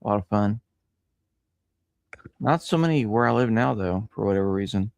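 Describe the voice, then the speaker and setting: A man's voice: fairly low pitch, lively intonation, normal speed, gravelly, darkish tone, dry recording, muffled recording. A man in casual conversation, easygoing and explaining at length. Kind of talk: casual chat.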